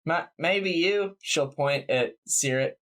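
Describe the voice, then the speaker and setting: A man's voice: fairly high pitch, takes it slowly, fairly bright tone. A man running a tabletop game as game master, talking casually with fillers. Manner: casual, rambling, many fillers.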